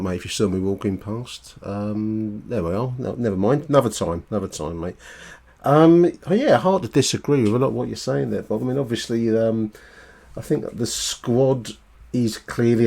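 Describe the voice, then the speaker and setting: A man's voice: lowish voice, creaky, a little mellow. A man hosting a fan podcast, chatting casually and rambling as he responds to listener voicemails. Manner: chatty, rambling with fillers and restarts. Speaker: podcast host.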